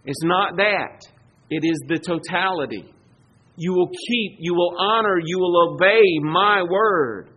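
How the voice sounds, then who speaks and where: A man's voice: high voice, measured pace, fairly bright tone, lo-fi sound, slight background noise. A man preaching a sermon, emphatic and rising in volume when he quotes scripture. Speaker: pastor.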